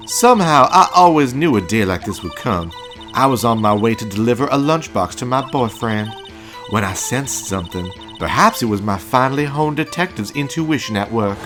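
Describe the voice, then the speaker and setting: A man putting on a brash, smug woman ex-detective, her voice rising and falling with taunts over clear game music. She talks down to the whole courtroom. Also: medium pitch, animated, normal speed, close to an everyday voice. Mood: taunting. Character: brash cocky woman ex-detective, lunch seller.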